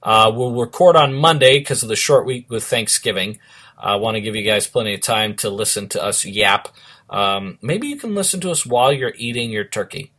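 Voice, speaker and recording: A man's voice: lowish voice, normal speed, sharp tone. A man co-hosting a casual sports podcast, chatty and joking, with lots of fillers. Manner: chatty, laughing, full of fillers. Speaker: podcast co-host.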